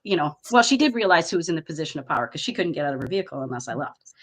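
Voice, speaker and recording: A woman's voice: sits low, very animated, racing, slight background noise. A woman co-hosting a podcast, telling a story with frequent laughter and swearing. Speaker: podcast co-host. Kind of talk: casual chat.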